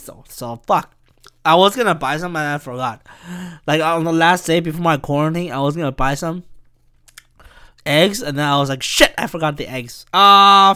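Lively bright-voiced man ranting on a podcast. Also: high-pitched. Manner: animated, profane, bursts into shouting. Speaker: podcast host and stand-up comic. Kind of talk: rambling solo podcast.

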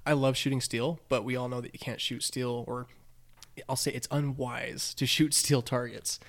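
Laughing animated man telling stories. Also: mid-range voice, normal speed, vocal fry. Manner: animated storyteller, laughs a lot, says dude. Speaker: podcast host. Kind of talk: casual chat.

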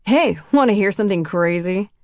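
A woman's voice: mid-range voice, lively intonation, moderate pace, no echo, clean studio sound, close to an everyday voice. A woman voicing a crude, tipsy teenage boy at a party who rambles in slang, peppered with "like".

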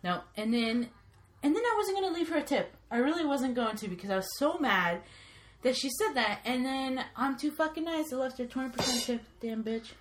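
A woman with a fairly high voice, chatting casually and telling stories with a lot of life. She swears freely and jumps into the voices of the people she quotes. A faint hiss sits under the recording. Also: lively intonation, brisk. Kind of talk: casual chat.

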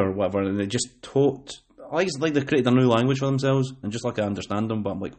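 A man's voice: lowish voice, quick pace, a little mellow. A man with a Scottish accent hosting a casual podcast chat, rambling with many fillers and restarts. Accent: Scottish, West Lothian. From Scotland. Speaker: podcast host.

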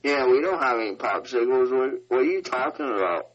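A man playing a dim hillbilly sidekick, deep drawl, dull lo-fi audio. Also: animated, a little fast, a little hiss or hum, close to an everyday voice.

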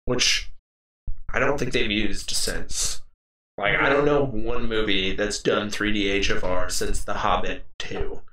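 A young man co-hosting a podcast, telling stories in a worked-up, animated way with plenty of swearing. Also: fairly low pitch, a little slow. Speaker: podcast co-host. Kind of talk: casual chat. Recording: echoey room, mic at a distance.

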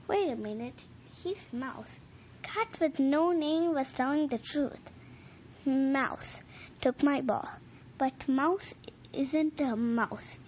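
A woman reading a children's story aloud, narrating slowly and clearly in a dog's first-person voice. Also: high-pitched, a little mellow, slight background noise, rough recording. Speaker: storybook reader.

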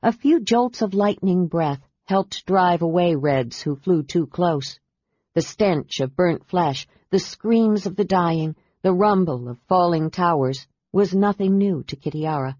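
Woman audiobook narrator, steady measured reading, kinda low, dull dry recording. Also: breathy edge, no room sound. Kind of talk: scripted fantasy narration.

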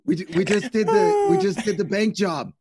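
Guy doing a pushy new york mobster spider, kinda high voice, noisy background. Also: wildly swooping pitch. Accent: New York City. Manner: brash, fast street talk, pleading to be let in. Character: tough-talking male gangster spider, pushy. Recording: background noise.

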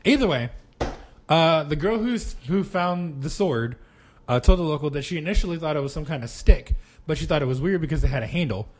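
A man's voice: fairly high pitch, expressive, fairly quick. A man co-hosting a podcast, reading out a news story and trading dry, crude, teasing banter. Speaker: podcast co-host.

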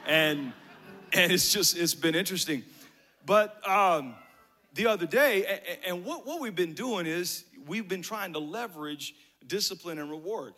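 A man telling a rambling story about his son, animated and emotional, with many restarts. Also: high voice, unhurried. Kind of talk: storytelling comedy set.

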